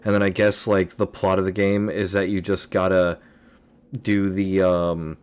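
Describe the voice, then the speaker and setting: A man's voice: low voice, little pitch movement, unhurried, clean tone. A young man streaming a game, chatting casually in a rambling, filler-heavy way and answering viewers' questions. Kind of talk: casual chat while streaming gameplay.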